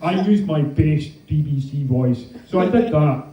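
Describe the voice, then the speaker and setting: A man's voice: on the high side, animated, unhurried, highs cut off, a little hiss or hum. A man in his thirties with a Scottish accent, doing a wry, self-mocking stand-up set with plenty of swearing. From Scotland. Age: 30s. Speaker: stand-up comedian. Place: comedy club stage with audience. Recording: echoey room, mic from a distance.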